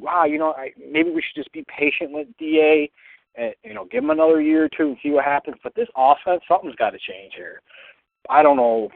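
A man's voice: a little high, gravelly, dry recording. A man leaving a rambling fan voicemail, griping with lots of fillers about his team. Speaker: fan caller. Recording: tinny phone line.

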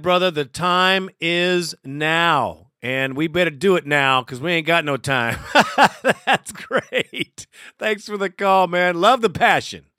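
A man's voice: sits high, sharp tone, no echo, studio quality. A man hosting a fan podcast, introducing callers in a friendly, hyped way. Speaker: host.

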